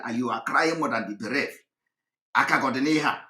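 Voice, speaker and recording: A man's voice: mid-range voice, pushed and bright, reverberant. A man giving emphatic, repetitive commentary on a clip during a live broadcast. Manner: drawn-out, repetitive preaching delivery.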